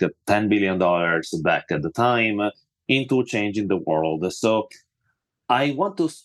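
A man hosting a podcast panel, talking with many fillers and restarts as he frames questions. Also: low-pitched. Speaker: podcast host.

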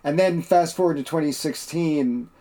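A man co-hosting a podcast in casual chat, with dry, wry asides delivered deadpan. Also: a little high, normal speed. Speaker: podcast co-host.

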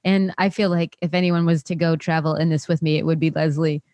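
Lower-voiced enthusiastic woman co-host. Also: flat delivery, fairly quick, a little mellow, no echo. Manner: rambling, enthusiastic, laughs. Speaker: podcast co-host. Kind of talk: casual chat.

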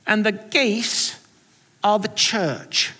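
A man's voice: high-pitched, sharp tone, long reverb tail, voice pushed up, full character voice. A man putting on an earnest Cockney Sunday school woman. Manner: slow, drawn-out, sincere.

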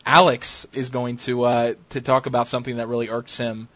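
A man's voice: mid-range voice, little pitch movement, fairly quick, a bit bright, no room sound. A young man hosting a gaming podcast in casual chat, joking and rambling. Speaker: podcast host. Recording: dull lo-fi sound.

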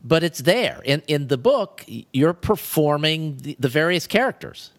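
Higher-voiced male interviewer. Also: lively intonation, moderate pace. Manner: attentive, asks probing follow-ups. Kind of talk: casual interview questions.

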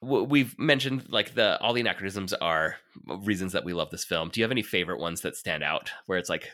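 A man hosting a film podcast, talking casually with halting restarts, fillers and frequent laughter. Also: low voice, bright, forceful tone. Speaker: podcast host.

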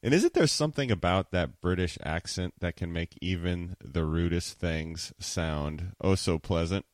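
A man's voice: deep voice, measured pace, dry recording, studio quality. A man hosting a podcast in a casual, chatty and upbeat monologue. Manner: chatty and upbeat, laughs easily. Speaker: podcast host.

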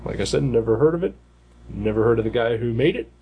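A man's voice: medium pitch, animated, quick pace, breathy edge, phone-quality sound. A man co-hosting a casual podcast chat, rambling with many fillers and restarts. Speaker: podcast co-host.

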